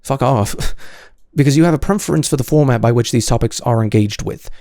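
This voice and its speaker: A man's voice: medium pitch, a little fast, warm tone, no room sound. A man hosting solo commentary, answering comments in an exasperated, sarcastic way with many stammered restarts.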